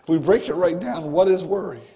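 A man's voice: sits high, a little fast, dark tone. A male pastor preaching a sermon in a church, earnest and conversational, often breaking in with "listen.". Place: church sanctuary.

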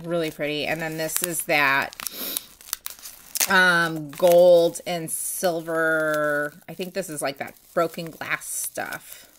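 A woman's voice: deep voice, vocal fry, fairly bright tone. A woman vlogger chatting casually and gushing as she unboxes nail art, with many ums.

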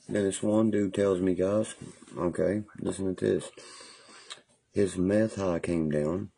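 A man's voice: low voice, a little slow, creaky. A man livestreaming from his phone, telling rambling, profane stories about jail in a casual way. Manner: profane, animated storytelling with laughs. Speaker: livestream vlogger. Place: parked car.

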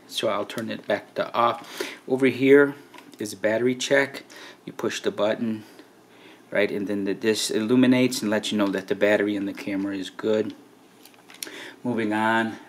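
A man with a fairly low voice talks through a camera's features in a relaxed, chatty way, often tossing in "right?" and "okay". A faint hiss sits under the recording. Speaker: camera reviewer. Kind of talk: casual hands-on camera walkthrough.

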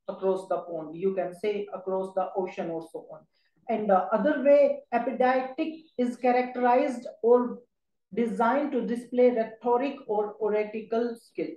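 A woman giving a recorded exam-prep lecture, pausing often with "uh" fillers. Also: fairly high pitch, warm tone. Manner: halting, with many "uh" fillers. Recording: echoey room.

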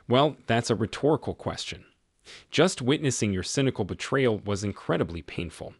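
A man voicing a cold, stern husband confronting his cheating wife, in a measured tone. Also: medium pitch, creaky, breathy edge, no echo, clean studio sound.

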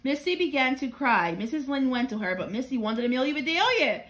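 A woman reading a children's picture book aloud with gentle, expressive storytelling. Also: high-pitched, fairly quick, background noise.

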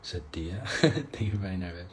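A man's voice: sits low, fairly even intonation, moderate pace, slight background noise. A man hosting a casual livestream, reading out fan comments and thanking viewers, sounding tired and yawning. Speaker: livestream host.

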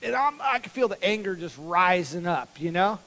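A pastor in a church, telling a childhood story to his congregation in a high, lively voice. He acts out the voices of the people in the story as he goes. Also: moderate pace, in a large hall, rough recording. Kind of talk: storytelling sermon. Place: church sanctuary.

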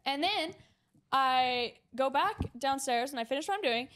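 A woman's voice: high voice, animated, moderate pace, fairly bright tone, slight background noise. A woman co-hosting a casual podcast, telling a story animatedly and acting out what others said, shifting in her seat because of a sore back. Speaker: podcast co-host. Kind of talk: casual chat.

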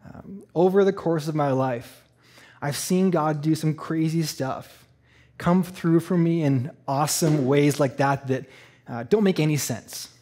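A man from Eastern Canada telling a personal story in a sermon, animated and laughing, acting out the voices. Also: fairly high pitch, unhurried. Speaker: church speaker.

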